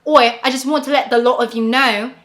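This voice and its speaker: A woman's voice: sits high, fairly even intonation, fairly quick, fairly bright tone. A cheeky mock-British woman, as an American woman puts her on. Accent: put-on British. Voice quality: exaggerated, self-admittedly bad accent.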